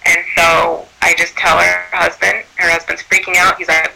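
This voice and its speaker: A man working as a birth doula tells a true story in a lively, animated way. His voice sits high and sounds sharp and tense. A gravelly rasp runs under his words. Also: normal speed, poor audio. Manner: animated, acts out quoted speech. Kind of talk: personal storytelling.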